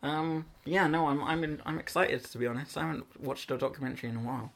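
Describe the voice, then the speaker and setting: A man's voice: on the high side, fairly even intonation, quick pace, gravelly, a bit bright. A man co-hosting a podcast in casual chat, playful and teasing, laughing often. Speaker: podcast co-host.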